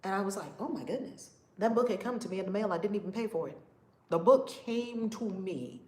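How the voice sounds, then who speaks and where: A woman spiritual teacher on a livestream, preaching with emphatic repetition and bursts of loud whoops. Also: mid-range voice, brisk, echoey room, low-quality recording.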